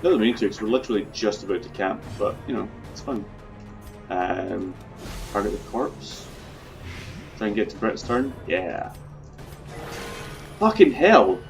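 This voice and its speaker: A man's voice: fairly low pitch, normal speed, creaky, faint music behind. A man casually commenting on his own gameplay, chatty, swearing freely and talking through his plans. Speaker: video game let's player.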